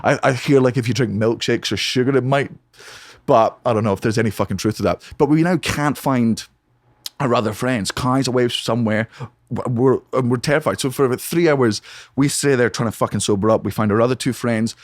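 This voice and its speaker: A young man, a comedian guesting on a podcast, telling a wild story in a rapid, profane, excitable way, recorded in a home studio on a podcast mic. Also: medium pitch, no echo. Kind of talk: animated anecdote telling.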